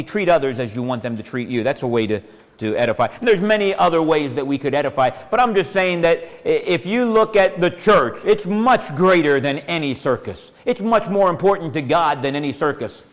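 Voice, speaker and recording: Man, pastor, folksy sermon, slightly high voice, long church reverb. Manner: folksy, asks the congregation questions, repeats phrases. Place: church sanctuary.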